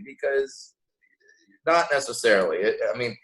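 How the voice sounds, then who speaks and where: Animated American man, casual chat. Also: mid-range voice, moderate pace, rough recording. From United States. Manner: animated, acts out quoted voices, frequent restarts. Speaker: guest comedian. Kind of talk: casual podcast conversation.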